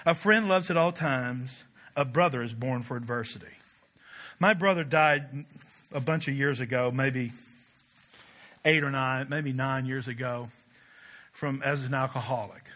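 A middle-aged male pastor from Kentucky, preaching a sermon with animated storytelling. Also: mid-range voice, measured pace, pauses often. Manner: animated storytelling with laughs and shouted quotes.

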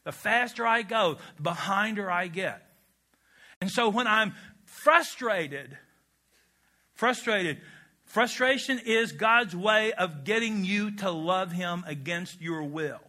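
A male pastor delivers a sermon in a church sanctuary. His voice sits high and sounds bright, and he keeps things animated and humorous, throwing questions out to the congregation. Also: takes it slowly.

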